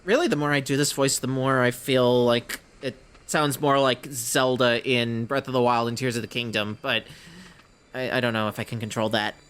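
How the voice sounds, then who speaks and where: A man's voice: mid-range voice, fairly even intonation, normal speed, a bit bright, slight background noise. A man giving casual gameplay commentary, chatty and self-deprecating, with laughing asides. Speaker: let's play host.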